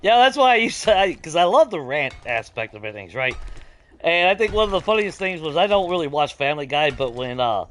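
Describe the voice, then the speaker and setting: Profane, animated man ranting. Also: fairly high pitch, a little fast. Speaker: gaming streamer. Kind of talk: casual ranting chat over gameplay.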